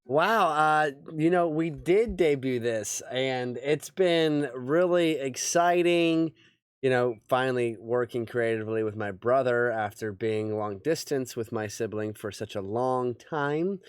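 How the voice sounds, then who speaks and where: Slow-talking man in casual chat. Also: mid-range voice, clear, resonant tone, dry recording, studio quality. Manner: hesitant, filler-heavy, unhurried. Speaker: co-host and show producer.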